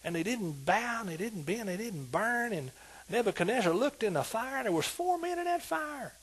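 An older man, a pastor, preaching an animated sermon in a folksy, colloquial way and often asking whether his listeners are with him. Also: high-pitched, normal speed, slightly rough, rough recording. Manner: animated preaching, asks "are you with me?" repeatedly.

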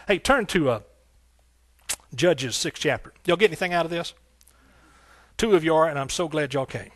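Male preacher, slightly high voice, dry close sound; rhythmic and fervent, folksy with the flock. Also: lively intonation, moderate pace, long pauses, dry recording. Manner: fervent and rhythmic, with repeated phrases and shouts of hallelujah; folksy, talking directly to the congregation. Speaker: pastor. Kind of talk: sermon.

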